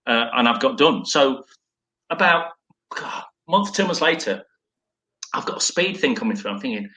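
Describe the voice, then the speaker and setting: Middle-aged man, ex-footballer guest, bright voice, self-deprecating rambling storyteller. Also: mid-range voice, lively intonation, moderate pace. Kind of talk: casual anecdote telling.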